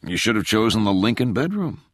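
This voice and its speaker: A roguish man with a lopsided, joking charm, speaking lightly in a low, lively voice, as a male narrator plays him. It comes across dry and close. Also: a little fast, no room sound. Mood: playful. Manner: joking, self-deprecating. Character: roguish, playful grown man.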